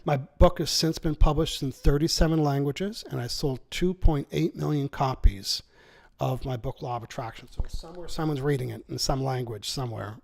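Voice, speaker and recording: A man who is an author and seminar speaker, explaining his ideas in an interview with energetic, persuasive delivery and acted-out quotes. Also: mid-range voice, moderate pace, creaky. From Canada.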